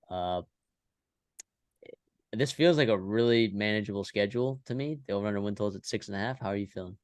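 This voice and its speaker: A man with a low voice co-hosts a sports podcast, briskly leading into each new topic in a casual tone. The recording is dry and close to the mic. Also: no room sound. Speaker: podcast co-host.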